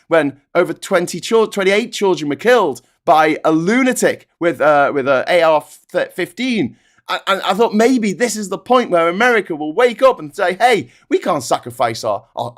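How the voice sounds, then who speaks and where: British guy ranting on a politics stream, kinda high voice, sarcastic, restarts his sentences a lot. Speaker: political commentary host. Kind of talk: livestream political commentary.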